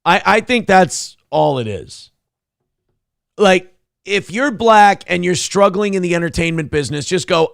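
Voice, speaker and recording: A man's voice: high voice, lively intonation, a little slow, gravelly, a bit bright, no echo, clean studio sound. A man hosting a morning talk show, riffing in a profane, sarcastic, rambling way. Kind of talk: casual comedic commentary.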